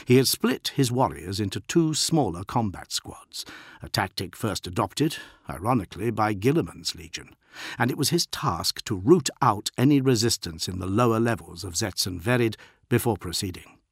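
Low-voiced male audiobook narrator. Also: expressive, moderate pace, breathy edge, dry recording, studio quality.

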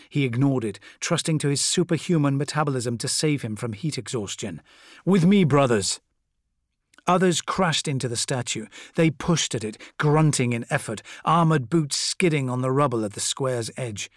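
A man reading a dramatic war story aloud as the narrator, in a measured style. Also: mid-range voice, dry recording, clean studio sound. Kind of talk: scripted audiobook narration.

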